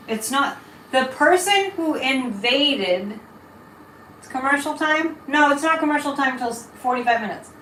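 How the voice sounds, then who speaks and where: A woman's voice: high-pitched, fairly bright tone, a little hiss or hum. A middle-aged woman, hosting a casual live tarot reading and chatting over viewer comments as she digresses. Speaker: psychic livestream host. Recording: roomy echo.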